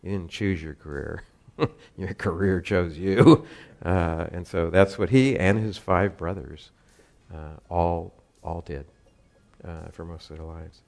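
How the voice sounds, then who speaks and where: A man's voice: deep voice, takes it slowly, creaky, darkish tone. A man, telling a rambling personal story in a casual way, often chuckling. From Southern California. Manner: rambling, chuckles often, many fillers and restarts.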